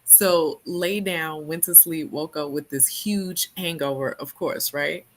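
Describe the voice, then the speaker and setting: Lively woman storyteller from New York. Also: sits low, slow. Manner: animated storyteller, laughs often, acts out quotes loudly. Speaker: book club host. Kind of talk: casual storytelling chat.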